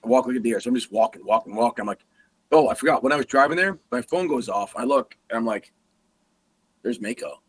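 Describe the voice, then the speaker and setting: A man's voice: mid-range voice, brisk, husky. A man, a guest hunter, telling a story in a casual way and acting out the sounds and the dialogue. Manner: animated, acts out sounds and quoted dialogue.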